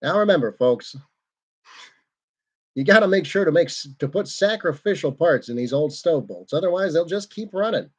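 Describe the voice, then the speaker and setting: A man's voice: on the high side, lively intonation, moderate pace, voice pushed up. A man putting on the voice of a folksy old-time male radio broadcaster, with announcer-style patter. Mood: hammy.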